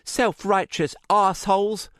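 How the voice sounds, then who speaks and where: A man voicing Shireen, a brash, angry teenage girl apprentice mage who shouts and orders people about in an audiobook. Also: high-pitched, steady tone, takes it slowly, no echo, clean studio sound, voice pushed up. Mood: furious. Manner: shouting, scornful and bossy.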